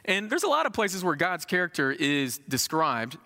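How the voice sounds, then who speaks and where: Male preacher, thirties, high forceful voice, conversational sermon in a hall with long reverb. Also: moderate pace. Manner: animated, conversational preaching with folksy asides.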